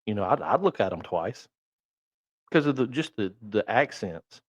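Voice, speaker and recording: A man with a Southern drawl, a podcast guest, telling folksy anecdotes in relaxed, casual chat. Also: on the low side, normal speed, no room sound.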